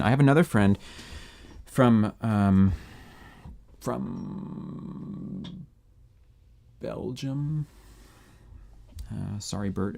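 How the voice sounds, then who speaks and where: A man producing music on a live stream, chatting in a relaxed, rambling way with viewers between playing. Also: deep voice, vocal fry. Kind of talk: casual live-stream chat.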